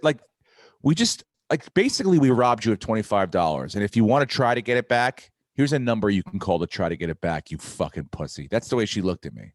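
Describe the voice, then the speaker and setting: A man's voice: lowish voice, a little fast, no room sound, clean studio sound. A middle-aged man, a podcast host, telling a comic story in casual chat, swearing freely and acting out the people in it. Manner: profane, animated, acts out dialogue.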